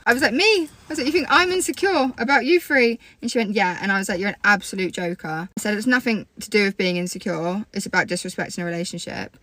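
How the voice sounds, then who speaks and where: Woman, twenties, rapid animated story-time creator. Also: medium pitch. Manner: animated, swears freely, fast storytelling. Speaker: social media creator.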